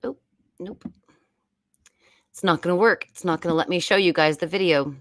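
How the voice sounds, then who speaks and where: A woman's voice: lowish voice, normal speed, a bit bright, dry recording. A woman, hosting a casual, rambling live-stream chat from home. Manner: chatty and rambling. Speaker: YouTube host.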